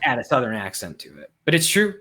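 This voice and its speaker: A man with a bright, forceful voice talks casually over a film he is watching, chatting with a co-host. He rambles, swears freely and stops to search for names. The pitch sits in an ordinary middle range. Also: big pitch swings, quick pace. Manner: rambling, profane, loses his train of thought. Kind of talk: casual live movie commentary.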